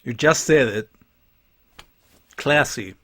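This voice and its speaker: A man's voice: medium pitch, slow pace, fairly bright tone, slight background noise. Brief: male streamer, casual game commentary, crude jokes. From Chile. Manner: crude, joking asides. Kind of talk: casual live gameplay commentary.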